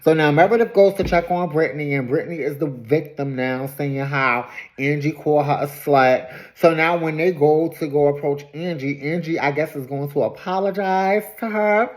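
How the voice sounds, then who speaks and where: Animated woman gossiping through an episode recap. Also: low voice, moderate pace. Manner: animated, gossipy storytelling with dramatized quotes. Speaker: show recap vlogger.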